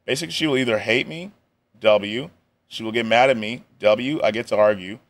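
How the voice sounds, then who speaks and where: A man's voice: on the low side, fairly quick. A man casually reacting to a video on a live stream, talking in a laid-back, slangy way with joking asides.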